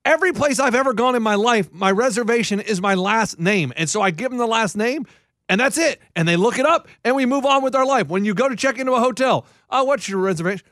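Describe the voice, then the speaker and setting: A man's voice: extremely high pitch, fast talker, no room sound, clean studio sound. A man co-hosting a casual podcast, telling a story and acting out frustrated exchanges. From Nashville area. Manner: animated storyteller, acts out exasperated dialogue. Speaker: podcast co-host.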